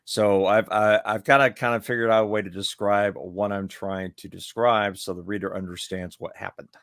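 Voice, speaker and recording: A man's voice: lowish voice, flat delivery, moderate pace, a bit bright, no room sound, studio quality. A man co-hosting a podcast on writing, thinking aloud in casual chat. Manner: thinks aloud, restarts sentences. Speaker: podcast co-host.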